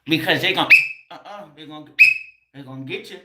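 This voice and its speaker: Loud teasing woman live from home. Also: low-pitched, normal speed, reverberant, very noisy. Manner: loud, teasing, calls out to viewers. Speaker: hair stylist and educator. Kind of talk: casual live stream talk.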